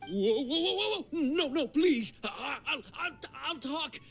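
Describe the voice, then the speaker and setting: A man's voice: high-pitched, very animated, moderate pace, a bit bright, husky, soft background music, heavily acted. An actor voicing a jittery young man in a video game, nervous and stammering as he defends himself. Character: jittery young man caught in a shady deal.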